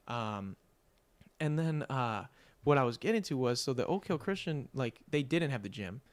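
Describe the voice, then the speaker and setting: A man's voice: medium pitch, expressive, normal speed. A young man hosting a podcast, telling a story in a casual, profane, rambling way with constant "like" fillers. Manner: profane, rambling, heavy use of "like". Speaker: podcast host.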